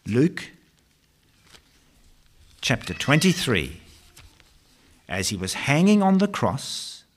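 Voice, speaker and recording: A male pastor delivers a sermon at a very slow pace. His pitch swings widely, and he uses long, dramatic pauses and rhetorical questions. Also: sing-song, slight background noise.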